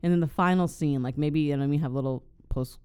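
A man's voice: fairly high pitch, fast, a little mellow, clear, resonant tone. A man co-hosting a podcast, animatedly retelling a film scene in casual chat, swearing a lot and using plenty of fillers. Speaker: podcast co-host.

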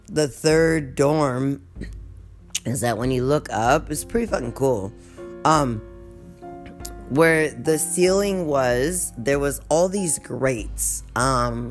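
Profane rambling storyteller, faint music. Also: mid-range voice. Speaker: vlogger. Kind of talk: venting storytime.

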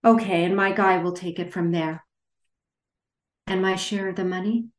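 A careful young woman grifter, read by an author in her own voice, guarded and steady in tone. The voice is lowish, with a roomy echo around it. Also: normal speed, close to an everyday voice. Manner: guarded, trying to sound steady.

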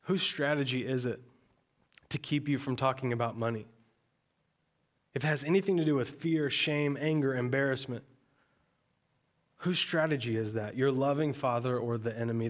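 A man in his thirties preaches to his congregation in a relaxed, conversational tone. His voice sits at an ordinary middle pitch, and he talks as if he is chatting with friends. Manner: conversational, storytelling with acted quotes. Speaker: pastor. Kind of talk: sermon.

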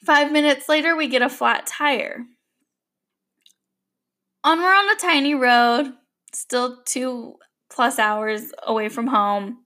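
A woman's voice: high voice, takes it slowly, pauses often, bright, forceful tone. A young adult woman hosting a podcast, telling a story in a chatty, rambling monologue. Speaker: podcast host. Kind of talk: casual monologue.

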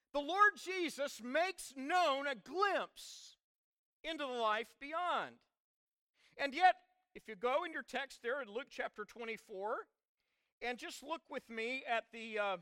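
High bright-voiced man preaching a sermon. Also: no echo, studio quality. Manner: dramatic preacher, swings from soft to loud. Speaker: pastor.

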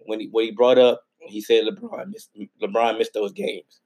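A man co-hosting a casual sports podcast, animated and slangy, repeating himself for emphasis. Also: fairly low pitch, moderate pace. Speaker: podcast co-host.

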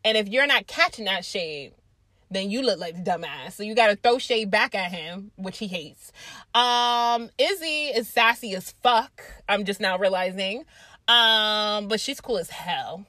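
A young adult woman telling a casual, animated storytime, swearing freely and using lots of fillers. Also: medium pitch, a little slow, no room sound. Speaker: vlogger.

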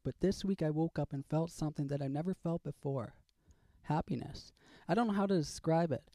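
Gravelly man ranting with fake cheer. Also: fairly high pitch, mellow, no echo. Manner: sarcastically cheerful, erupting into swearing. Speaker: comedy segment host. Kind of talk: comedic rant.

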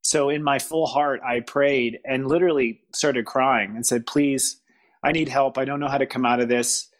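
Halting man in casual spiritual talk. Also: medium pitch, fairly even intonation. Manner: halting, searching for words, frequent restarts and laughs. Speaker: podcast guest.

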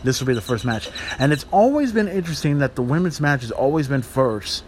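A man's voice: mid-range voice, animated, brisk, slight background noise. A man hosting a podcast, giving wrestling predictions in a heated, profane, emphatic rant. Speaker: podcast host.

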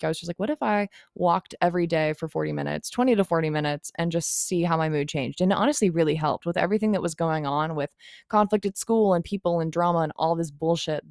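A woman's voice: fairly low pitch, darkish tone, clear, resonant tone, dry recording, clean studio sound. A young woman hosting a solo podcast, talking frankly and confessionally in a rambling way and swearing freely. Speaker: podcast host. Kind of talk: candid solo podcast monologue.

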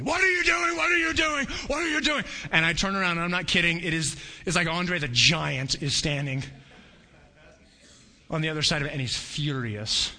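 A man preaching a sermon, telling a personal story with animated storytelling and acting out voices. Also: a little high. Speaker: pastor.

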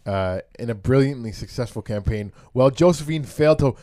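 A man's voice: mid-range voice, lively intonation, a little fast, warm tone, dry recording, studio quality. Laid-back young man, crude podcast banter. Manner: laid-back, crude jokes, reads quotes aloud. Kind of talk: casual podcast chat.

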